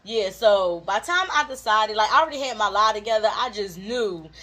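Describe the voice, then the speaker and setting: A woman tells a childhood story in a loose, animated way, often laughing and filling her talk with "like". Her voice sits at an everyday pitch for a woman. She sounds like a co-host chatting with her partner. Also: fairly quick. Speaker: co-host of a couples channel. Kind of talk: casual storytelling chat.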